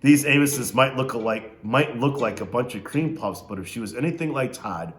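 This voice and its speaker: A man's voice: medium pitch, moderate pace, reverberant, a little hiss or hum. A man reading a novel aloud, stopping now and then to ask his listeners questions. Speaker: reader.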